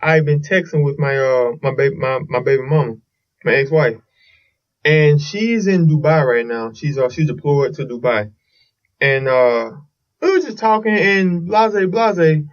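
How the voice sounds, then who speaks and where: Guy rambling thru a story on his podcast, bit high voice, kinda muffled lo-fi. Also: animated, a little slow, recorded from a distance. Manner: rambling storytelling with restarts and swearing. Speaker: podcast host. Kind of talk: casual solo podcast monologue.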